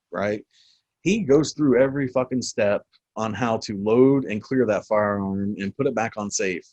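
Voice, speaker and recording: A man in his forties with a lowish voice tells old service stories in a loose, profane way, laughing often as he goes. The sound is close and dry, with no room around it. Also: moderate pace, no echo, highs cut off. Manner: profane, animated storyteller who laughs often. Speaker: military veteran guest. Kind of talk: casual storytelling interview.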